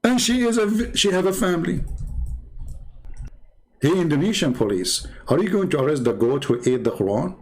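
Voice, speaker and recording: A man with a fairly high voice speaks in broken, non-native English. He delivers sarcastic commentary while reading from his screen, with thick mocking irony and abrupt swoops upward in pitch. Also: expressive, normal speed, long pauses, darkish tone. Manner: mocking, with heavy irony and sudden pitch jumps. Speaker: online religious critic.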